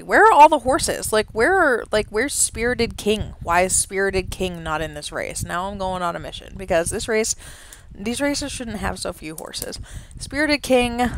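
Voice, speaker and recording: A woman calling simulated horse races from home, excited during the race and chatty and rambling between races. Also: medium pitch, slight background noise. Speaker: race caller and host of a horse racing simulation show. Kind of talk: horse race commentary and casual chat. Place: home, with a dog nearby.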